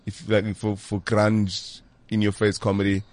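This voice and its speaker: Low-voiced laid-back comic. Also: male voice, monotone, darkish tone, no echo. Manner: laid-back, laughing, halting. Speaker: guest comedian. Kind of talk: casual chat.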